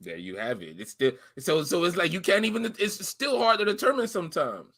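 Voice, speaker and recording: A man's voice: high voice, big pitch swings, a little fast, fairly bright tone. A man co-hosting a podcast, talking in a casual, profane and teasing way. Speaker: podcast co-host. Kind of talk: casual rant chat.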